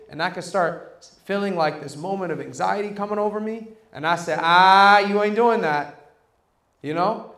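High-voiced preacher in an echoey room. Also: male voice. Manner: preaching with call-and-response questions to the congregation. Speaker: pastor. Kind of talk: sermon.

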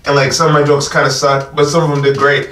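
A man in a casual comedy chat who talks excitably, with frequent stammers and swearing. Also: fairly high pitch, fast talker. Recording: roomy, distant mic, faint noise.

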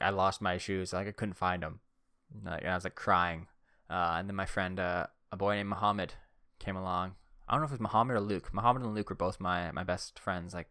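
This young podcast host rambles through casual stories, leaning heavily on "like." His voice sits low with a bright, forceful, clean tone, captured as a dry, studio-quality recording.

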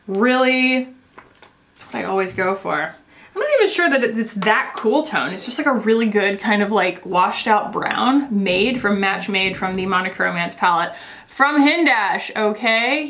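A woman's voice: a little high, fairly bright tone. A woman in a casual makeup tutorial, talking in a rambling, chatty way full of "like" while she applies makeup. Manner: chatty, rambling, many "like" fillers; explains while applying makeup. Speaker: beauty vlogger.

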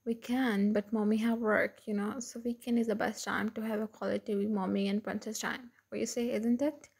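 Gentle young mother, read by a woman, husky, slight fry. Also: a little high, little pitch movement, normal speed. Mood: tender. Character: gentle young mother soothing her little daughter.

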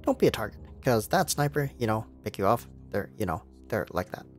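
A man's voice: lowish voice, animated, brisk, soft background music, natural voice. Man putting on a spaced-out rambling camp cook. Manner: drawling, evasive, keeps urging to sit and smoke.

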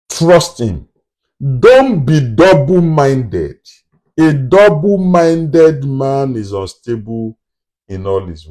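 A man's voice: mid-range voice, a little mellow. A man preaching a sermon, emphatic and fond of repeated rhetorical questions.

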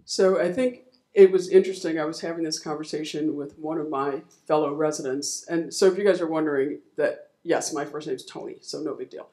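A woman moderating a conference panel, relaxed and conversational as she prompts her guests with questions. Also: low voice, brisk. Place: symposium lecture hall. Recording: echoey conference hall on a mic.

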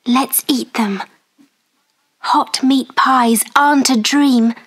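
A woman voicing a gentle, kind young girl who talks softly and slowly. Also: high voice, steady tone, breathy edge, heavily acted.

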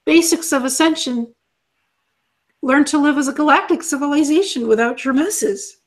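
A woman channeling as an alien being, calmly teaching and repeating her lessons as numbered lists. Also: high-pitched, normal speed.

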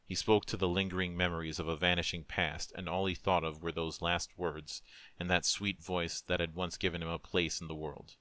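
A man narrates a dark story in a solemn, measured, emotive voice. His voice is very deep but bright and forceful. The recording is close and dry, with no room sound. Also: level tone, dry recording. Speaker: narrator, streamer. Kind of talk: dramatic story reading.

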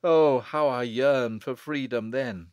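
A man's voice: mid-range voice, slow pace, a little mellow, no echo, studio quality, lightly acted. A man reading as a wronged monk who speaks sternly and bitterly in an audiobook. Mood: anguished. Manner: stern, thundering.

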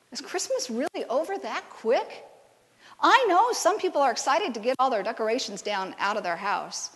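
A woman giving a conversational sermon, telling stories and bantering with the congregation in a church sanctuary. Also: sits high. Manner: lively storytelling, banters with the congregation. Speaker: preacher. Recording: long church hall reverb.

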